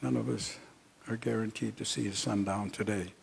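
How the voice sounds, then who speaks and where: An older man recounting a personal story in a speech, unhurried and halting with many pauses. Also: fairly low pitch, fairly even intonation, creaky, a little hiss or hum. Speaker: speaker at an honoring event.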